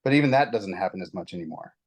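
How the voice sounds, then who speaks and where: A man in casual spiritual conversation, telling his story in a rambling, animated way with many restarts. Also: low voice, fast talker, poor audio. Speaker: guest.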